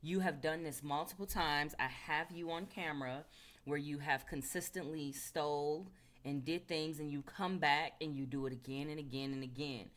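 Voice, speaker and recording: A woman's voice: low-pitched, steady tone, moderate pace, fairly bright tone. Woman doing a stern store security man. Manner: firm, accusing, repetitive.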